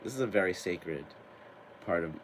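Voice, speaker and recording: Young guy doing tarot chat on camera, kinda low voice, laughs a lot, swears casually. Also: lively intonation, moderate pace, a little hiss or hum. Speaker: tarot reader hosting a spiritual channel.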